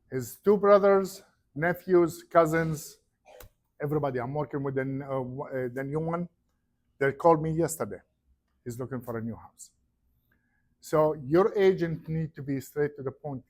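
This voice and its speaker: A man giving a real estate seminar, telling stories animatedly and acting out the people in them. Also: on the high side. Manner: animated storyteller, acts out quoted voices. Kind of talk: seminar talk to an audience.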